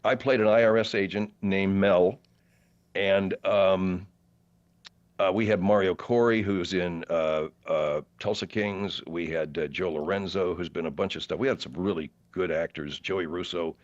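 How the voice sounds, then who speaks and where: A man with a fairly low voice tells rambling stories as a podcast guest. He jumps between asides and restarts himself often. The recording sounds dull and a little lo-fi. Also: a little slow. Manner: rambling, animated anecdotes with many fillers and restarts. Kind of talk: casual interview storytelling.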